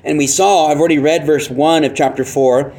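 Man, pastor, expository sermon, slightly high voice, earnest, emphatic. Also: steady tone, fairly quick, a little mellow. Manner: earnest, emphatic teaching with rhetorical questions.

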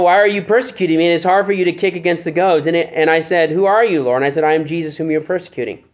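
A male pastor teaching a Bible study, reading passages aloud and asking rhetorical questions. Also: high voice. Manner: reads scripture aloud and asks rhetorical questions.

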